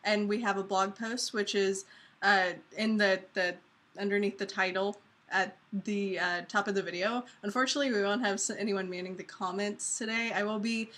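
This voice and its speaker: An upbeat woman co-hosting a live marketing video chat. Her voice is bright and clear. She keeps things moving and laughs easily. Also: mid-range voice, fairly even intonation, normal speed. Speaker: co-host.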